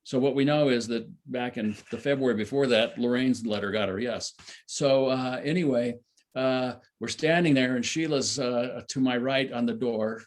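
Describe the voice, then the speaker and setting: A man's voice: medium pitch, normal speed. An older man telling a long personal story at a satsang, rambling with many fillers and restarts. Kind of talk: casual spoken storytelling.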